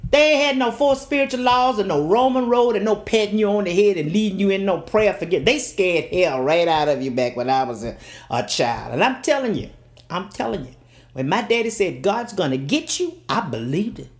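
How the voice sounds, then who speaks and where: An older woman from Mississippi, telling a story in a lively, preacher-like way and acting out every character. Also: medium pitch, brisk. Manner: animated, acts out every character.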